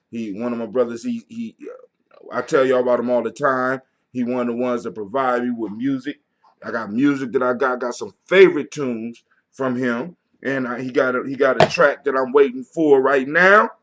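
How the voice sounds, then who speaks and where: A man hosting a daily toast livestream, talking casually with slangy, preacher-like hype. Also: mid-range voice. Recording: dull lo-fi with music behind. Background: music.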